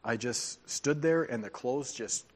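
A man preaching a sermon as pastor, speaking conversationally and dropping into quiet, emphatic asides. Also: mid-range voice, a little slow.

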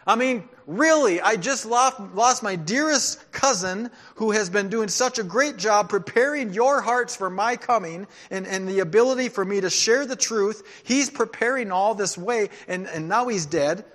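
A man's voice: high voice, moderate pace, hardly any pauses, fairly bright tone, big-room sound, voice pushed up. A man preaching a sermon, acting out a grieving, frustrated man who snaps at a crowd in a raised, strained voice. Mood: exasperated.

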